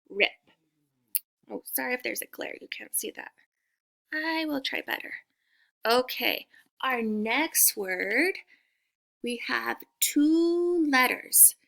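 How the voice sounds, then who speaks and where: A woman teacher giving a slow phonics lesson for young children, sounding out letters with exaggerated care and praising the listener. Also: on the high side, gravelly, fairly bright tone.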